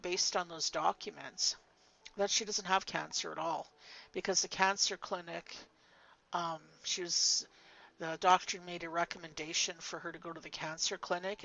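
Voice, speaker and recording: A woman's voice: on the low side, vocal fry, sharp tone, muffled recording. An older woman telling a personal story in a vlog, blunt and emphatic, swearing freely. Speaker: vlogger.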